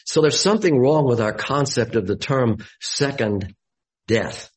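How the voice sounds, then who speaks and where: A man giving a Bible study sermon, deliberate and explanatory, with emphatic rises on key words. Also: medium pitch, lively intonation, rough recording.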